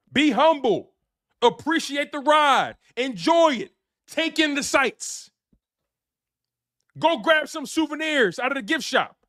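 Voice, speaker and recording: High voiced dude ranting on a sports livestream, preachy and repetitive, super dry mic. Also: male voice, bright, forceful tone, no room sound. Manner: preachy, repetitive, street slang. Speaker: sports show host. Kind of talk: animated live-stream sports rant.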